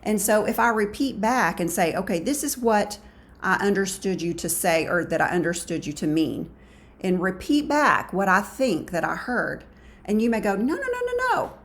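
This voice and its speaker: Woman co-host, calm and agreeable, sums things up, middle-pitched voice. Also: moderate pace. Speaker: co-host of a marriage talk show. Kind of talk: casual advice talk.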